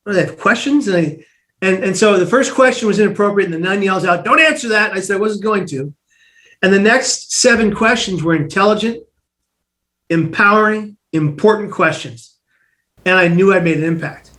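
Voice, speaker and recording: High-voiced man telling his story. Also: normal speed. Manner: animated, acts out quoted voices, restarts often. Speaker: guest. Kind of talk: personal storytelling in an interview.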